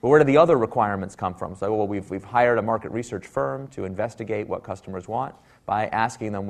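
A man's voice: on the low side, fast, creaky. A man speaking at a talk, telling a wry story and acting out the people he quotes. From Silicon Valley, US.

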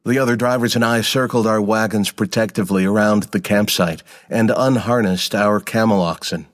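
A man giving a scripted first-person narration of a story in a measured, even manner. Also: lowish voice, in a large hall.

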